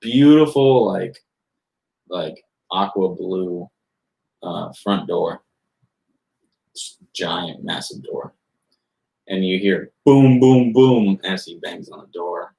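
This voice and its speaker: A man's voice: deep voice, animated, slow pace, gravelly, pauses often, mellow. A young man narrating as game master, rambling loosely with lots of filler words. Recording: roomy echo.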